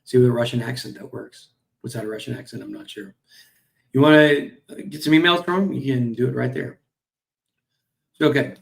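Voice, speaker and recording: A man's voice: mid-range voice, fairly quick, gravelly, long pauses. Rambling male crypto host, easygoing. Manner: rambling, jokey asides, frequent apologies and fillers. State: tired, yawning. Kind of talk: casual commentary reading news on screen. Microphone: streaming mic.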